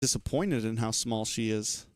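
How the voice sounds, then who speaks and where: A young man, an esports shoutcaster, chatting casually and slangily on a live stream and laughing easily. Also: fairly low pitch, normal speed, no echo, studio quality.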